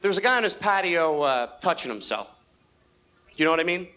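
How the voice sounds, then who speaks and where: A young man doing a stand-up comedy routine on a club stage into a handheld mic, talking fast and animated and slipping into quick character voices. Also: fairly high pitch. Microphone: handheld stage microphone. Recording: old videotape with audible room noise. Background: audience laughter.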